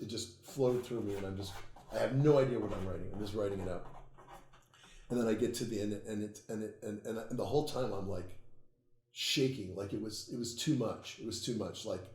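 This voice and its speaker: A man, an occult author, telling stories in a casual interview, swearing freely and getting animated. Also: on the low side, echoey room. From United States. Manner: profane, animated storytelling, laughs at own tales.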